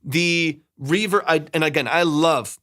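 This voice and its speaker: A man's voice: on the high side, measured pace, bright, forceful tone, dry recording, studio quality. A man giving casual, hedging mix feedback as a music producer, repeating himself and humming parts with da-da sounds. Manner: hedging, repeats words, scats melodies with da-da. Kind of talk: casual live critique.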